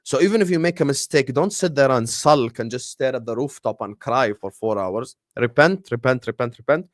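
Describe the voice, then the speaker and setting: A man's voice: mid-range voice, normal speed, dry recording, studio quality. A young man in his twenties with a Scouse accent, chatting casually and animatedly with viewers in a live Q&A, full of slang and jokes. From Liverpool, England. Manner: animated, slangy, jokey, reads chat aloud. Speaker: streamer answering viewer questions.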